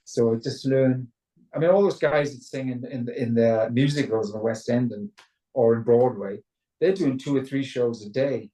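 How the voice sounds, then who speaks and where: A man's voice: mid-range voice, moderate pace, warm tone. Welsh guy rambling on a zoom call, lots of restarts, sounds a bit far off in an echoey room. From Wales. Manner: chatty, rambling, stammers into restarts, mimics voices. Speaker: rock singer, interview guest. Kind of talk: casual video call interview. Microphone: video call.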